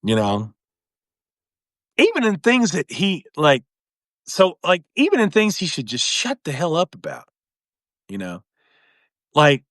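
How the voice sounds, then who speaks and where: A man's voice: on the high side, dry recording, studio quality. A man hosting his own live video, talking through politics in a casual, chuckling way. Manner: animated, chuckling, acts out others in mock voices. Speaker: host of a live video commentary show. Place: home livestream.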